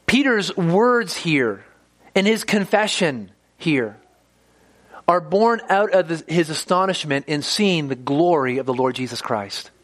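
High-voiced man preaching conversationally. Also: fairly bright tone. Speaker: pastor. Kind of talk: sermon.

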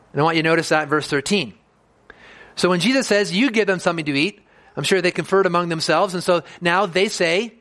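A high-pitched man delivers a sermon, explaining the scripture passage verse by verse. He talks with earnest pastoral conviction. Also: a bit bright.

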